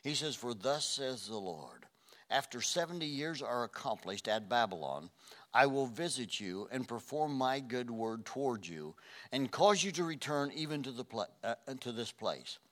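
An older man preaching a sermon, earnest, dropping to a hush and then rising loud. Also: mid-range voice, expressive, normal speed. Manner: earnest, swings from hushed to loud. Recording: reverberant hall.

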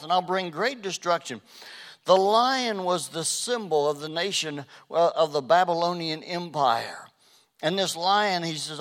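A man preaching a sermon, emphatic, rising to loud declarations as he quotes scripture. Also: on the high side.

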